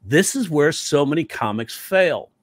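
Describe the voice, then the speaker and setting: A man who teaches comedy telling stories in an interview, animated and slipping into quoted voices. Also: a little high, measured pace, no echo. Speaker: comedy teacher and stand-up comic. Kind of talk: storytelling interview talk.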